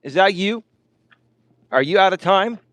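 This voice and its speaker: A man's voice: sits high, lively intonation, measured pace, fairly bright tone, dry recording. A man hosting a livestream, taunting a rival with repeated jabs. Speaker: livestream host. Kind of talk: confrontational livestream rant.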